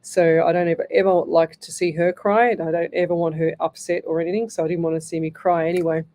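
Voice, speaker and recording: An Australian woman in middle age talks on a live radio show as a psychic medium, rambling, restarting and filling gaps. Her voice sits a little low and sounds mellow and warm. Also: flat delivery, fast. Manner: rambling, with many restarts and fillers.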